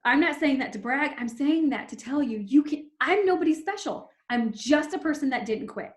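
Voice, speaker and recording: A woman's voice: high-pitched, lively intonation, moderate pace, reverberant. A woman in her thirties leading a team call, giving an emphatic, fervent motivational pep talk. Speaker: team leader.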